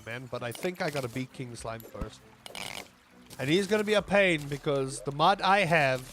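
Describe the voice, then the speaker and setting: A man's voice: on the high side, fairly bright tone. A young South African man with a South African accent, chatting casually and rambling on a gaming livestream, now and then exclaiming at mishaps.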